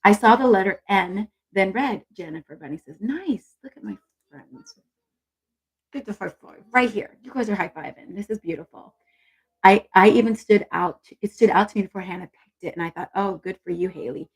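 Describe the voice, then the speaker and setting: Husky woman, encouraging intuition coach, chatty live-stream talk, reads comments. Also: medium pitch, a little fast, low-quality recording. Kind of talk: casual live-stream teaching.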